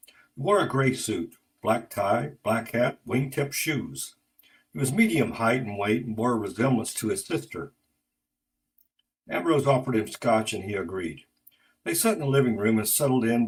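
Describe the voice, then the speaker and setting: A man narrating a detective story in a steady, matter-of-fact way. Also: on the low side, poor audio.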